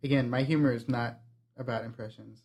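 Male podcast co-host, middle pitch, deadpan wry banter. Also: a little fast, creaky, highs cut off. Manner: dry, wry quips. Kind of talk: casual comedic chat.

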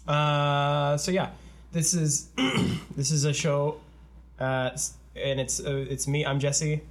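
A man hosting a podcast in casual chat, laughing often and talking in an easygoing, drawn-out way. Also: on the high side, little pitch movement. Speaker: podcast host.

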